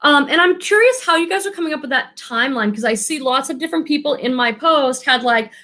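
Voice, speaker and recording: A woman's voice: high voice, expressive, fast talker, sharp tone. A woman who resells thrifted goods online, chatting casually on a livestream and reading viewer comments aloud.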